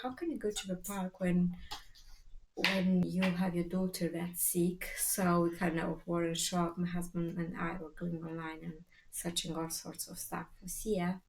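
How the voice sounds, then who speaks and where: A woman's voice: lowish voice, flat delivery, normal speed. A mother telling her family's story in a casual vlog, hesitant, with many fillers and restarts as she quotes what people said. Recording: echoey room, faint background noise.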